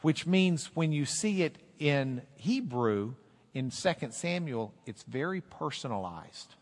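A male pastor delivers a sermon in a long-reverb church hall. His voice sits a little high and moves at an unhurried pace. He builds to loud, soaring peaks on scripture and drops to a quiet explaining tone between them. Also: very animated. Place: church sanctuary. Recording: echoey hall.

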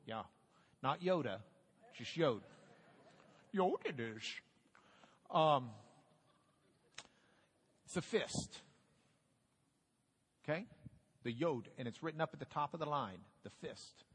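A middle-aged man teaching a Bible class in a lively, joking, casual way. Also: a little high, breathy edge. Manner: lively, jokey, animated letter drills. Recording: hall reverb.

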